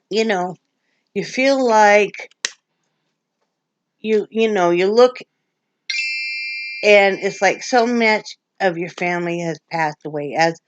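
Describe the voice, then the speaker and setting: An older woman from Wyoming, vlogging in casual, rambling chat to her viewers, emotional and quick to laugh. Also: medium pitch, no room sound. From Wyoming, USA.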